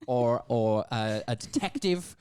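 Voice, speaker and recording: Woman, very low voice, animated, dry close sound, casual podcast chat. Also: takes it slowly, clean tone, dry recording. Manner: joking, puts on silly voices in quotes. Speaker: podcast co-host.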